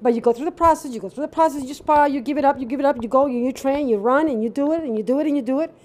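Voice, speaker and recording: A woman's voice: sits high, racing, a little mellow. A woman hosting an interview over a video call, earnest and repetitive, building her points by listing things one after another. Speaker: interviewer, host. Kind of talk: conversational interview.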